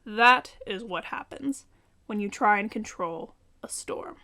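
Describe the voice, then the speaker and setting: A woman reading the lines of a protective young man who speaks softly and reassuringly, with brief flares of anger. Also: medium pitch, animated, slow pace, no room sound, exaggerated voice. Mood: gentle.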